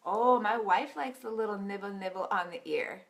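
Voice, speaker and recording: A woman's voice: medium pitch, normal speed, gravelly, close to an everyday voice. A woman imitating an older male marriage counselor who overshares, with a suggestive, insinuating manner. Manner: suggestive, repetitive, chuckling insinuation.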